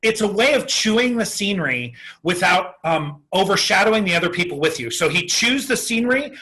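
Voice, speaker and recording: A man chats as a podcast guest in a high, sharp-edged voice. He thinks aloud, often breaking off and restarting his sentences. His tone stays bright and forward. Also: big pitch swings, brisk. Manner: thoughtful, restarts sentences while working out ideas. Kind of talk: casual chat.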